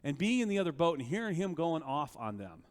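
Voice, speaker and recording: A male pastor preaching a sermon in a conversational, animated way, often asking rhetorical questions of the congregation. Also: on the high side, fast, in a large hall.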